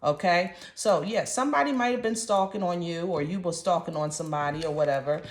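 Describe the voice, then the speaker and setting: A woman's voice: on the low side, fairly quick. A woman giving a casual tarot reading in a chatty, slangy, emphatic way. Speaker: tarot reader. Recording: roomy echo.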